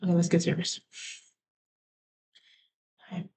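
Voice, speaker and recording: A woman live streamer rambling through a story in a soft, half-whispered way, often trailing off. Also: lowish voice, level tone, a little slow, gravelly, husky, rough recording.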